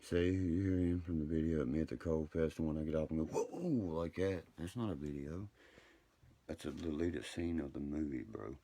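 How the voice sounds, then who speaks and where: Deep gravelly dude rambling late at night on a stream, swearing nonstop, husky voice. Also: male voice, brisk, dark tone. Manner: profane, rambling storytelling. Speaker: livestreamer.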